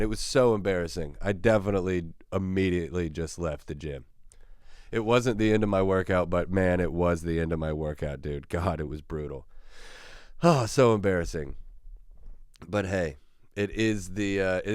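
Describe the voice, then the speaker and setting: A man's voice: low voice, normal speed, a little mellow, clear, resonant tone, no room sound, clean studio sound. A man hosting his own show, telling a rambling, self-mocking story that gets him worked up. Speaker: podcast host. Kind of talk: casual storytelling monologue.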